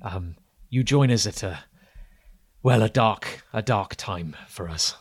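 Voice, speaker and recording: A man's voice: lowish voice, takes it slowly, husky, no room sound. A man doing a nervous, formal village leader. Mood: grave. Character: anxious, apologetic male village leader.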